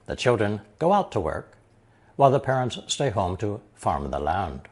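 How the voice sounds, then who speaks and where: A man narrating a scripted language lesson, slowly reading example sentences and then translating each one. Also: lowish voice, very animated, slightly rough. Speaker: language teacher.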